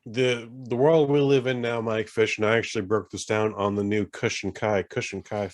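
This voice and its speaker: A man's voice: lowish voice, fairly even intonation, normal speed, dry recording. Man, forties, podcast co-host, rambling casual chat, swears, dry close sound. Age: 40s. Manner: rambling, swearing, self-interrupting.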